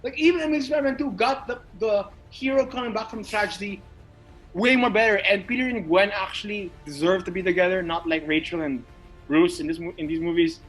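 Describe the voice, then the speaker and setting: A man's voice: sits high, fairly quick, a bit bright, faint music behind, poor audio. A man co-hosting a podcast in casual chat, rambling with stammered restarts and swearing for emphasis. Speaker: podcast co-host.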